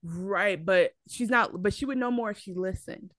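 This podcast co-host, a young woman, has a medium-pitched, fairly bright voice at a moderate pace, recorded dry. She talks animatedly in the casual chat, pushing her argument through plenty of fillers and restarts.

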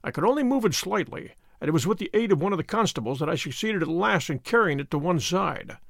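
Dry gravelly voice, a methodical detective telling his case in a radio drama, swoopy delivery. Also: sits high, animated, fairly bright tone, dry recording, exaggerated voice. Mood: measured. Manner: precise, measured storytelling. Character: Holmes, sharp methodical male detective narrating.

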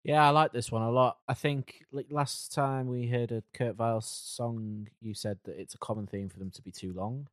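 A man co-hosting a music podcast, relaxed and a bit hesitant in casual chat. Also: mid-range voice, moderate pace, hardly any pauses, dry recording. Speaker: podcast co-host.

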